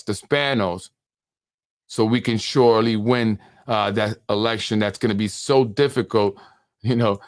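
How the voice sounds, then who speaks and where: A man hosting a political podcast, talking casually and reading text messages aloud, with frequent restarts. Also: fairly low pitch. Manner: conversational, repeats words and restarts, reads messages aloud. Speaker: podcast host.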